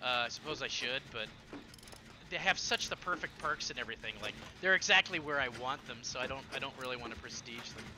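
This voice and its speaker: A man streaming a horror game, chatting casually and rambling with many fillers and sudden excited bursts. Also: medium pitch, a little fast, noisy background. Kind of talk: casual gameplay chat.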